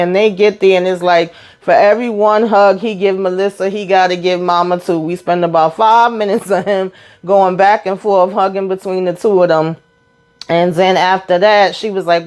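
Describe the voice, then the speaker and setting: A woman hosting her own channel and recapping a reality TV episode in a casual, animated way, swearing freely and acting out what the people on the show said. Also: lowish voice, normal speed, clear, resonant tone.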